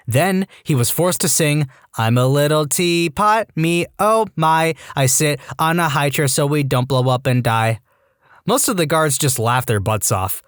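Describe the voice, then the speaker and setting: A man narrating reddit stories in an animated, wry scripted read. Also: a little high, no room sound, studio quality. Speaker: story narrator.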